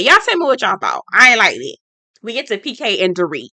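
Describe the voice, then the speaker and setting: A woman's voice: on the high side, big pitch swings, fairly quick, sharp tone, no echo, studio quality. A woman hosting a casual reality-show review vlog, blunt and sassy, talking straight to her viewers and repeating her points for emphasis. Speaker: reality TV recap host.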